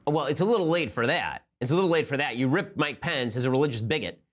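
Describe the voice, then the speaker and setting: A man's voice: medium pitch, expressive. A man hosting a political commentary show, delivering a sarcastic, argumentative monologue. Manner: rapid-fire, sarcastic, argumentative.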